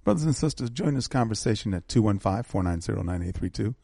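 A man's voice: fairly low pitch, lively intonation, quick pace, creaky, mellow, slightly rough, no echo. An older man hosting a call-in radio talk show, speaking in a preacherly way with emphatic repetition.

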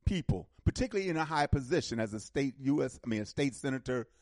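Animated, emphatic male radio host. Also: medium pitch, fast, no echo, clean studio sound. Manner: emphatic, animated, repeats words when worked up. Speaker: radio talk show host. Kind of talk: call-in radio discussion.

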